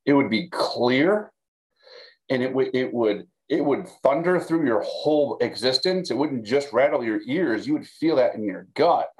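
A man of middle pitch teaches scripture to a camera, talking to his viewers as if they sit in front of him. He talks in a conversational way, restarting phrases and asking "okay?" as he goes. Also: expressive, a little slow, darkish tone, rough recording. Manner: conversational, repeats words, fillers, checks in with "okay?". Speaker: pastor teaching a Bible study. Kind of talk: recorded Bible teaching. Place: recorded for video.

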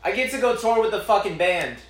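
A man's voice: high-pitched, expressive, fairly quick, roomy sound. A young man chatting with friends in a teasing, playful way. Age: young adult. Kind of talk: casual chat.

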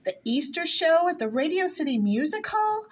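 A woman's voice: very high-pitched, sing-song, normal speed. A woman playing a nervous, flustered married suburban woman, chattering breathlessly in a rehearsed stage play reading. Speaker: actor in a rehearsal.

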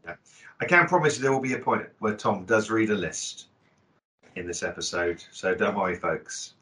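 A man's voice: on the low side, normal speed, pushed and bright. A man co-hosting a hobby podcast, chatty and jokey, often correcting himself mid-sentence. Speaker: podcast co-host. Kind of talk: casual chat.

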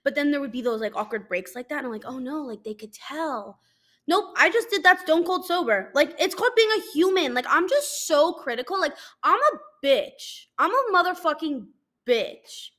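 Young woman podcast host, high bright voice, profane, blunt, self-mocking solo rant. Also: sing-song, normal speed. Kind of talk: casual solo podcast chat.

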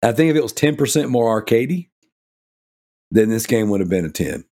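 A man's voice: medium pitch, expressive, fairly quick, mellow. A man co-hosting a casual gaming podcast, rambling and enthusiastic, with many fillers like "you know" and "like". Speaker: podcast co-host.

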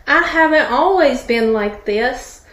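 A woman's voice: sits high, expressive, slow, a bit bright, roomy sound, heavily acted. A woman voicing a talking clay teapot that cries out in protest against its shaping. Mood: pleading.

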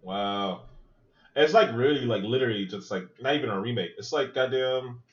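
A man's voice: mid-range voice, normal speed, dull audio. A man hosting a podcast, giving loose, joking, profane running commentary while he watches a film. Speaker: podcast host. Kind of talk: casual movie watch-along commentary.

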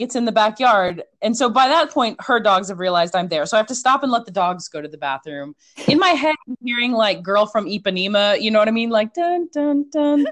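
A woman telling a story in a casual chat, animated and chatty, with many fillers. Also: medium pitch.

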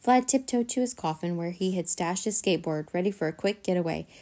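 Woman reading a children's chapter book, low and gravelly, steady bedtime pacing. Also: brisk. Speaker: children's story reader. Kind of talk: bedtime story narration.

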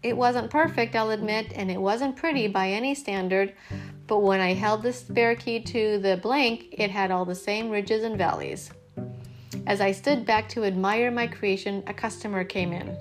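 A woman reading a novel aloud in the first person, with expressive, lively narration. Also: medium pitch, moderate pace, soft background music. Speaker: audiobook reader.

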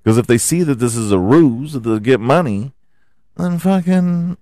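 With no room sound, a podcast host's mid-range, mellow voice comes through animated but a little slow. He delivers a heated, profane rant about his football team, packed with rhetorical questions.

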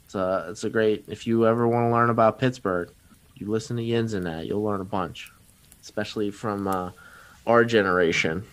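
A man hosting a podcast, joking and laid-back, with frequent pauses and fillers. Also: fairly low pitch, fairly even intonation, fairly bright tone. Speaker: podcast host. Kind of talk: casual chat.

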